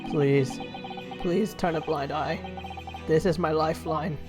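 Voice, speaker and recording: A woman's voice: low-pitched, steady tone, unhurried. Desperate young prisoner, pleading, urgent, read by a woman, game music behind.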